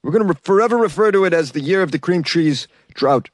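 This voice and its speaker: A man putting on the voice of an exasperated older bagel shop owner, ranting loudly. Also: high-pitched, animated, quick pace, no echo, studio quality, pitched above the performer's own voice.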